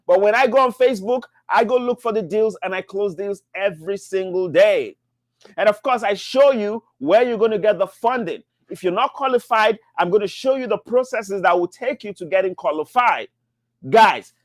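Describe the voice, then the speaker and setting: A man hosting a live business-mentoring show, answering questions with an emphatic, repetitive motivational sales pitch. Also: dry recording, clean studio sound.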